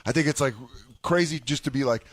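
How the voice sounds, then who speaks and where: A man co-hosting a comedy radio show who tells animated stories and mimics other people's voices. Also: medium pitch, a little fast. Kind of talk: casual radio chat.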